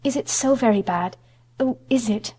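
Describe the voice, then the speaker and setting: A woman's voice: a little high, normal speed, warm tone, husky. A woman voicing a frightened, elegant young mother who speaks breathlessly and pleads.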